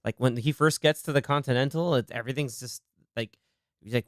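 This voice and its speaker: A man's voice: medium pitch, a little fast, dry recording. A man hosting a casual movie podcast, talking with animation and acting out scenes in quoted voices on a studio mic. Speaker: podcast host.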